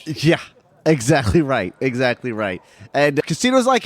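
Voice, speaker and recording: Male podcast host, very lively pitch, chatty questioner. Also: normal speed, no echo. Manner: chatty, laughs easily, asks questions. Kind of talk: casual chat.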